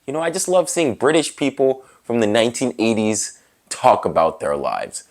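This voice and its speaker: Doting middle-aged mom hooked on old british tv, put on by a man, dreamy, dropping lower. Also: very animated, moderate pace.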